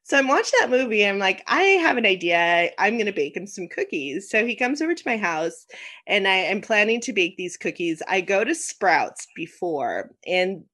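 Woman podcast host: casual, animated storyteller. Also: medium pitch, normal speed. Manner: animated storyteller, acts out quotes, laughs often.

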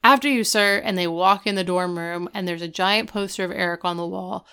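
Female co-host, smooth and clear, lively recap storyteller. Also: fairly low pitch, brisk. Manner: animated storytelling, acting out quoted characters. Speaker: podcast co-host. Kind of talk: casual chat recapping a TV episode.

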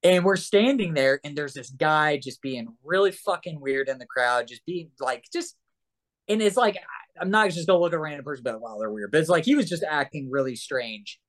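A man who is a guest on a casual chat show, telling stories in a rambling, animated way with swearing and restarts. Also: on the high side, normal speed.

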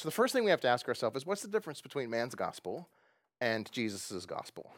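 Animated, emphatic male preacher. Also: mid-range voice, fast talker, no room sound, clean studio sound. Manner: animated, rising to loud emphatic bursts; asks the congregation questions and laughs often. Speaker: pastor. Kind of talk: sermon.

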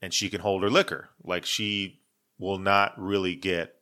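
A man's voice: low-pitched, level tone, a little slow, pushed and bright. A man in his forties, co-hosting a podcast, telling a story in casual chat, acting out the voices in what people said and swearing freely. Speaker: podcast co-host.

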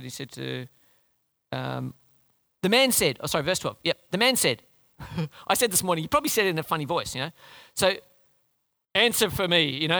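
A man preaching a sermon in a lively, conversational way, often asking the congregation questions. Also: high-pitched, a little fast, no room sound. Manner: lively, conversational, asks the crowd questions, restarts.

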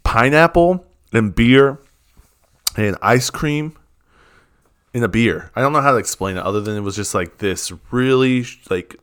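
A man's voice: mid-range voice, lively intonation, unhurried, a bit bright, smooth. A man co-hosting a casual chat podcast, rambling and playful with lots of fillers. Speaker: podcast co-host.

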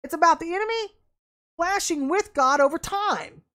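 A woman ministry leader preaching an online sermon, fervent and emphatic, with blunt, folksy talk and bursts of excitement. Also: very high-pitched, normal speed.

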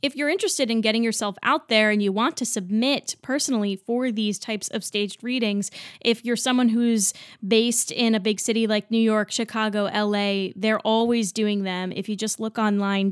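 A woman's voice: medium pitch, fairly even intonation, normal speed, clear, resonant tone, no room sound, studio quality. A woman in her twenties, a musical theater actor, hosting a solo podcast in an upbeat, chatty and enthusiastic way. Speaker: podcast host.

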